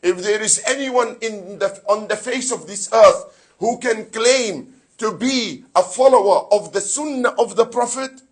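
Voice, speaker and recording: In a mosque, a sheikh gives a Muharram sermon with great fervor, his voice high and husky. He poses rhetorical questions to his listeners and recites Arabic phrases from scripture.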